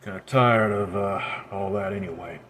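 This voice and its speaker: A man's voice: fairly low pitch, normal speed, a bit bright, a little hiss or hum, lightly acted. A man playing a blunt, weary detective. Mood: gruff. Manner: gruff, blunt, cursing.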